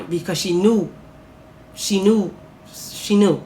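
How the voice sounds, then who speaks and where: A young woman vlogger telling a casual storytime, animated and swearing as she acts out her own reactions. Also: lowish voice, moderate pace. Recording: echoey room, faint noise.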